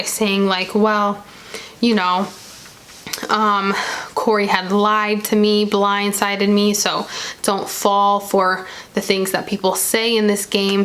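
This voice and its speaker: A young woman chatting casually as she recaps a reality show episode, retelling scenes with quick quoted asides. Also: mid-range voice, a bit bright.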